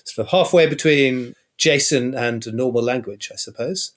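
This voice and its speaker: A man's voice: medium pitch, normal speed. A man chats as a podcast guest, dry and understated. He often restarts his sentences before landing his point. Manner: dry wit, hesitant restarts. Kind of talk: casual podcast chat.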